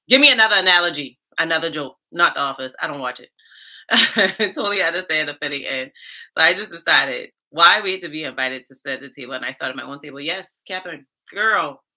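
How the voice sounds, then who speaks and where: Casting: a middle-aged Southern woman livestream host, Charleston accent, bright tense lower voice, sassy and animated. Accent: Southern US Black vernacular, Charleston Geechee. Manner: animated, sassy, talks back to chat comments. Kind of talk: casual livestream chat with viewers.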